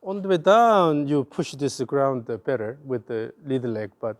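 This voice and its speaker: A man with a Korean accent and a medium-pitched voice, speaking a little slowly, gives hands-on golf swing coaching. He repeats short cues in rhythm as his student swings.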